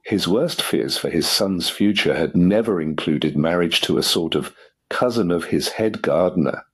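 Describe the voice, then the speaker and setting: A man narrates an audiobook in a deep, low voice with a husky grain. His delivery is measured and steady, paced for a learner to follow.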